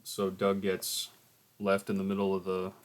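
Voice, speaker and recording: A man casually retelling a homemade story series, slow and offhand, with asides to the listener. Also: deep voice, monotone.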